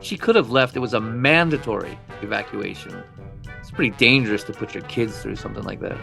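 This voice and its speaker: A man's voice: fairly low pitch, a little fast, creaky, sharp tone, faint music behind. A man co-hosting a podcast, reading scripted true-crime narration with casual asides. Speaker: podcast co-host.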